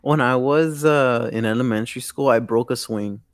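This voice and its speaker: A man's voice: medium pitch, moderate pace, no room sound, studio quality. A young man in his late teens co-hosting a podcast, telling profane stories in casual chat and laughing a lot. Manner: animated, profane storytelling with frequent laughter. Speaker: podcast co-host.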